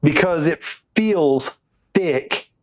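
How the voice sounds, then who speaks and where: A man's voice: a little high, drawn-out words. A man co-hosting a podcast, telling a casual anecdote and acting out the people in it. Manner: animated storyteller, acts out quoted voices. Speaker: podcast co-host. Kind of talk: casual chat, storytelling.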